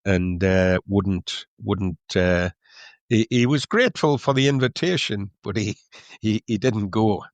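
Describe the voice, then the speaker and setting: Male podcast co-host, slightly low voice, halting storyteller, dry close mic. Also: dry recording. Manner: halting, restarts often. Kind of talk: casual storytelling chat.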